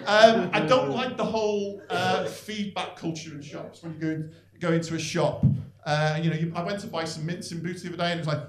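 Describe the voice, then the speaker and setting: Speaking fast with few pauses in a high-sitting voice, a middle-aged St Helens man with a Northern English accent performs live stand-up in an echoey club in North West England style. His humor is dry, rambling and self-deprecating, with frequent "really" tags, and the crowd laughs along.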